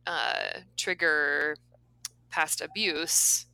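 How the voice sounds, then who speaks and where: A woman's voice: low voice, steady tone, drawn-out words, bright, forceful tone, clean tone, low-quality recording. A woman co-hosting a casual podcast conversation, talking thoughtfully and hesitantly with many fillers as she asks questions. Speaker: podcast co-host asking the questions.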